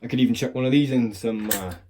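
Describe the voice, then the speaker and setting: Background noise is loud as a medium-pitched man talks quickly through a lock-picking demo. A hobbyist recording on a clamped phone, he chats, rambles, and curses with a self-mocking streak.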